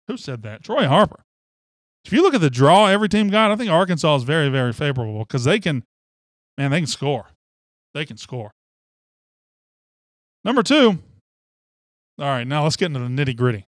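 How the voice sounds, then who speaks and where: A man's voice: mid-range voice, dry recording, studio quality. A man hosting sports talk radio, fired up and opinionated, rambling from one take to the next.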